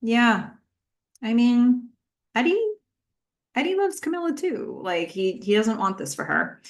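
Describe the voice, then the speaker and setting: A woman's voice: on the high side, sing-song, a little slow. A woman hosting a podcast, giving a chatty recap of a TV episode with many fillers and questions for her listeners. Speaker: podcast host.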